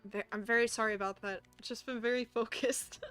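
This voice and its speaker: A woman's voice: on the high side, fairly even intonation, a little fast, fairly bright tone, clear, resonant tone, soft background music. A woman streaming a horror game, casually chatting and reading on-screen text aloud, with the odd curse. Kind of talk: casual gameplay commentary.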